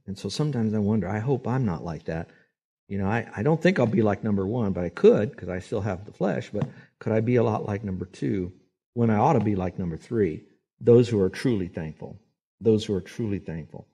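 A man's voice: lowish voice, warm tone, breathy edge. Emphatic male preacher. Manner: emphatic, acts out quoted voices. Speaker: pastor. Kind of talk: sermon.

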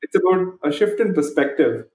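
A man's voice: high voice, expressive, normal speed, a little mellow, slight background noise. Reflective male podcast host, echoey room. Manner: reflective, agreeable, sums up the guest's points. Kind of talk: casual interview conversation. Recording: echoey room with faint music.

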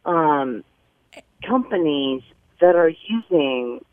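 A woman's voice: low-pitched, lively intonation, takes it slowly, no echo. Hesitant woman caller on a tinny phone line. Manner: hesitant, rambling with many fillers. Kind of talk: call-in radio complaint.

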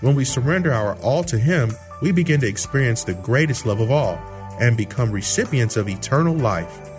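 Male announcer, mid-pitched, formal read, soft music underneath. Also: lively intonation, normal speed. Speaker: program announcer. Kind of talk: scripted introduction.

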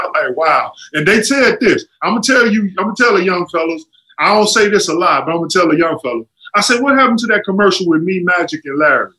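A middle-aged man telling stories in a casual chat, animated and acting out what others said. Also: moderate pace, rough recording. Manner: animated, acts out quotes with jumps in pitch. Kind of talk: casual storytelling.

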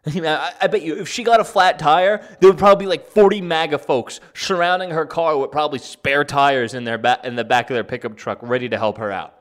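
A man's voice: on the high side, fairly quick. A man giving opinion commentary in a sarcastic, rambling way, chuckling often. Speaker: political commentator.

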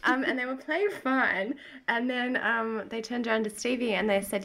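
Woman, thirties, bright forceful voice, crude jokes, frequent laughter, casual co-host chat. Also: on the high side, moderate pace, gravelly. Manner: crude, self-mocking, laughs often. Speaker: podcast co-host.

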